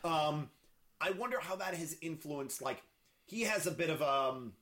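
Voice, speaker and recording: A man co-hosts a casual film chat, his voice riding a lively, rather high pitch. He talks in halting bursts, restarting sentences and leaning on fillers as he works his way to a point. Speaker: podcast co-host.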